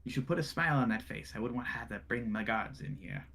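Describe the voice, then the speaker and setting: A man's voice: mid-range voice, expressive, quick pace, gravelly, a bit bright, slightly rough, heavily acted. A man voicing a smug male burgomaster who condescends to and threatens a guest. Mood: condescending. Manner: menacing, condescending.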